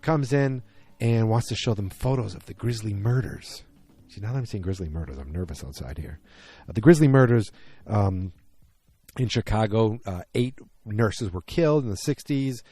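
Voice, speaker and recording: Talking outdoors, a podcast host with a fairly low, expressive, mellow voice recaps an episode alone in a casual, rambling way. He speaks at normal speed with no echo, sounding unsure and often second-guessing himself.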